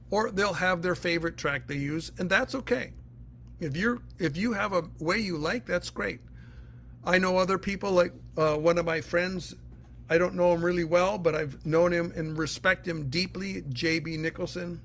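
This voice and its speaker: A man's voice: high voice, steady tone, normal speed, fairly bright tone, a little hiss or hum. A man teaching the Bible in a casual, earnest way, answering listener questions and explaining step by step.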